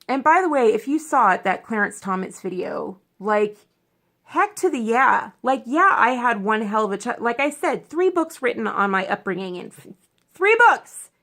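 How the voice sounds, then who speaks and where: A woman talking casually to her viewers. Her voice is gravelly, with a lot of vocal fry. She rambles from one tangent to the next and stays emotional and expressive throughout. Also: fairly high pitch, moderate pace. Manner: rambling and chatty, full of tangents and self-corrections. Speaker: vlogger. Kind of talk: casual chat to camera.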